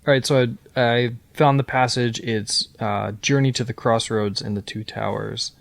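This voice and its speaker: Gravelly-voiced man in podcast chat. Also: mid-range voice, fairly even intonation, moderate pace, no room sound. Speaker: podcast co-host. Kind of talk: casual chat.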